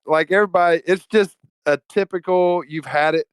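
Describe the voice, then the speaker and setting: A man's voice: high voice, steady tone, normal speed, smooth, dry recording, poor audio. A man with an Alabama Southern accent, talking as a podcast guest in a laid-back, slangy, profane and jokey way. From Evergreen, Alabama, US. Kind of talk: casual conversational storytelling.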